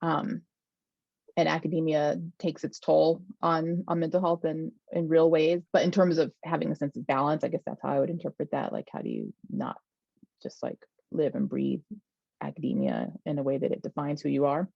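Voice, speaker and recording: A woman guest in casual conversation, relaxed and self-deprecating, laughing between phrases. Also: low voice, moderate pace, creaky, no echo. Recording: dry, dull lo-fi mic.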